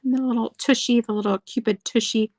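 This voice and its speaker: A woman's voice: on the high side, steady tone, fairly quick, darkish tone, no echo. A woman hosting a live sale of vintage items, chatting casually and reading old card verses aloud. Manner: chatty, lingers over details, reads card verses aloud. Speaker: online seller showing vintage items. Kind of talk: casual live sales chat.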